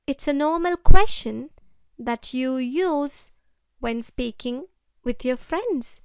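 Sri Lankan-accented female English teacher; clear, smooth voice; repeats each example sentence. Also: high voice, expressive, darkish tone, dry recording, studio quality. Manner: repeats example sentences slowly, addresses children directly. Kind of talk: slow, deliberate classroom explanation.

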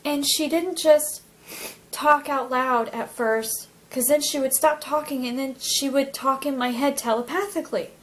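A woman's voice: high-pitched, steady tone, low-quality recording. Emotional young woman telling her story. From Alaska, US. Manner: emotional, halting, many fillers and restarts. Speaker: near-death experience witness. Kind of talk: personal testimony, casual storytelling.

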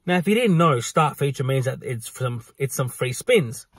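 A man's voice: mid-range voice, normal speed, breathy edge, no room sound. A man in casual storytelling, animatedly acting out a run-in at his work, with frequent swearing. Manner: animated, acts out exchanges with swearing. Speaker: venue staff worker telling a story.

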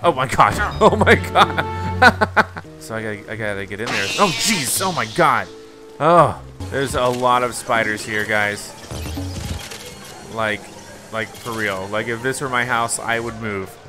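Here a medium-pitched male voice moves at a measured pace over music. The gaming YouTuber keeps his let's-play commentary loose and playful, with frequent laughter and exclamations when the game surprises him.

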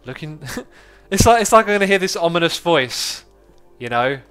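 A man's voice: on the high side, lively intonation, normal speed, a bit bright, smooth, soft background music. A man hosting a casual gaming livestream, cheerful and jokey as he tours builds with a friend. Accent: British. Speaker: livestream host.

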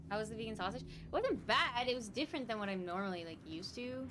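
A woman's voice: on the high side, animated, a little fast. A young woman streamer giving casual, frustrated gameplay commentary, swearing and talking to her chat. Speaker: gaming streamer. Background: game music.

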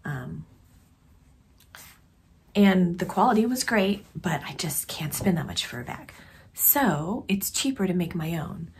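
A woman chatting casually in a craft vlog, laughing often and slipping into quick whispered asides. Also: lowish voice, big pitch swings, slight background noise. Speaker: craft vlogger.

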